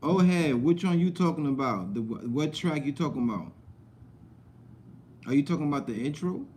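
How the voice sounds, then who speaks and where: A man's voice: a little high, expressive, moderate pace, darkish tone, a little hiss or hum. A young man with a slight Southern US accent, hosting a casual livestream chat in loose, rambling street slang. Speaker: livestream host.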